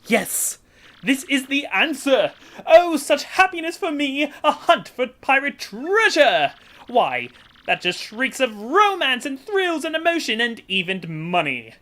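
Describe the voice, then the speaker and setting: A woman's voice: sits high, sing-song, a little slow, a bit bright, pitched above the performer's own voice, full character voice. A woman voicing a flamboyant, vain, wealthy male sea trader for a game playthrough, speaking in grand theatrical exclamations. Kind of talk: voicing game dialogue for a let's play.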